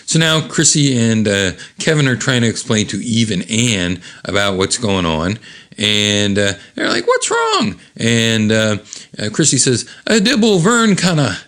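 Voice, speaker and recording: A man's voice: fairly low pitch, unhurried, fairly bright tone. A man hosting a casual read-aloud, describing comic panels in a rambling, chuckling way with many fillers. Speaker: host reading comics aloud.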